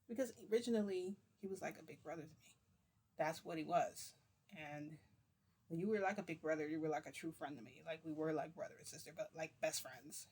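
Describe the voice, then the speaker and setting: A woman's voice: low voice, a little fast, fairly bright tone, husky. A young woman tells her viewers a long personal story. She talks casually and rambles, and her sentences are packed with "like" fillers. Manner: rambling, chatty, full of "like" fillers. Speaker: vlogger.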